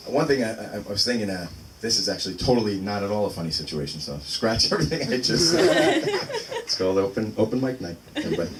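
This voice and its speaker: This stand-up comic, a man in his thirties, has a fairly low voice whose pitch swoops wildly as he speaks quickly. Performing open mic in a small room, he rambles and interrupts himself with fillers, captured by a distant mic amid loud background noise.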